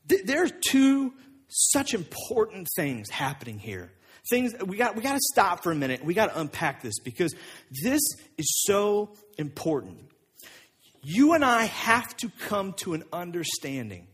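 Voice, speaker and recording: A man preaching a sermon as pastor, telling the story with lively acted-out voices. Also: high voice, moderate pace, husky. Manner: animated storytelling, acting out voices of people in the story.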